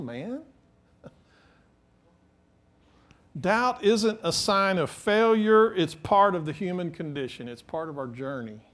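A pastor with a fairly high-pitched voice delivers a lively, animated sermon. He acts out scripture quotes in different voices and laughs between his points.

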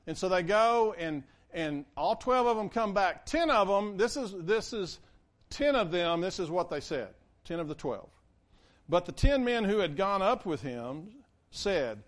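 A man's voice: high-pitched, unhurried. A man preaching a conversational sermon, acting out the quotes he reads. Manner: conversational, animated, acts out quotes. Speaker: pastor.

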